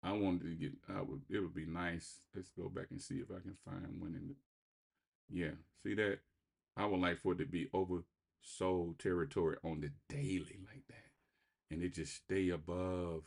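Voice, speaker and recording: Live market talk comes from a trading-channel host whose voice is low-pitched, gravelly, and slightly rough, at normal speed. Excitable and rambling over his screen, he repeats himself and shifts between loud bursts and quiet muttering.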